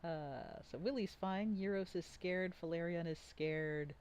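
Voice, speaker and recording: A woman's voice: lowish voice, unhurried, darkish tone, clear, resonant tone. A woman running a tabletop game as game master, chatty and playful, often trailing off while she thinks.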